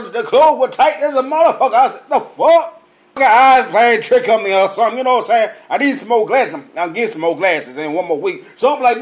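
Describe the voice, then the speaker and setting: A man, tipsy from drinking, telling loud, profane comic stories and laughing at his own punchlines. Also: very high-pitched. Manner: loud, laughing, heavy cursing, drawn-out punchlines. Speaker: comedian vlogger. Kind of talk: profane comic storytelling rant.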